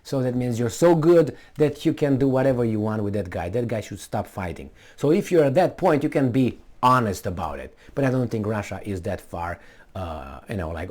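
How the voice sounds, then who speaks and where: A man's voice: medium pitch, very animated, normal speed, darkish tone. A man giving a casual commentary for a video, sarcastic and rambling, with many fillers and false starts.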